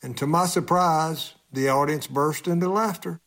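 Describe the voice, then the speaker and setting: A man's voice: on the high side, moderate pace, a bit bright. Chuckling male humorist telling a story. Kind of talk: humorous personal story on radio.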